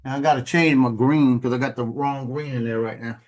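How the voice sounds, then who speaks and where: Over a noise-cancelling remote call mic, a man on a live show retells a story in casual, animated chat. His mid-range voice is fairly even and a little fast, and his tone is exasperated and mock-scolding.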